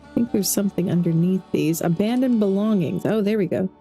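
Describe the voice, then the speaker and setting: A woman giving casual, chatty let's-play commentary as a game streamer, thinking out loud as she plays. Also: mid-range voice, brisk, soft background music. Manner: chatty, thinks aloud while playing.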